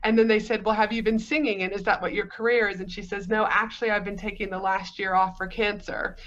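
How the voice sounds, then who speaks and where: Quick-paced and flat in delivery, this Australian business coach has a mid-range, slightly bright voice. As a guest in a conversational podcast interview, she rambles through her story with lots of fillers, captured on lo-fi sound.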